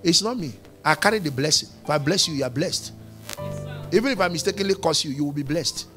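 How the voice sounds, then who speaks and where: A man preaches from the pulpit, pitched high for a man and full of emphatic repetition. His voice jumps widely up and down as he presses each point. Soft music plays faintly behind him. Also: expressive, fast talker. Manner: emphatic, repetitive preaching with sudden swings in loudness. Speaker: pastor. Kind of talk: sermon.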